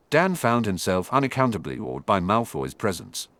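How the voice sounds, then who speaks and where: A man narrating a fan fiction audiobook in a steady storytelling manner. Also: fairly low pitch, normal speed, few pauses, no room sound.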